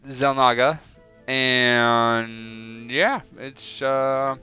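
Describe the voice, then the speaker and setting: A man's voice: mid-range voice, extremely slow, pushed and bright, clean tone, no room sound, faint music behind, poor audio. A man giving casual, rambling play-by-play game commentary, joking and self-deprecating as he goes. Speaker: game caster.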